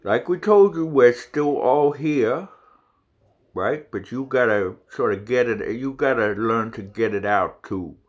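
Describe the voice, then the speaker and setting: A man's voice: mid-range voice, a little slow, muffled recording, close to an everyday voice. A man voicing a collective of channelled spirits, emphatic, devoted and blunt, in a spiritual channelling monologue. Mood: earnest. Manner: insistent, preachy, swears bluntly.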